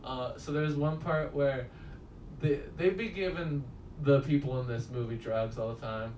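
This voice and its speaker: A man's voice: mid-range voice, a little slow, darkish tone, distant mic. A man giving a casual spoken movie review, rambling and swearing often and laughing at his own stories. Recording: roomy echo, voice a bit off-mic, faint room noise.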